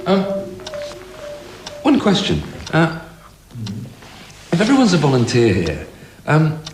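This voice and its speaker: A man's voice: a little high, huge pitch swings, slow pace, exaggerated voice. A stammering, flustered man. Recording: echoey room with music.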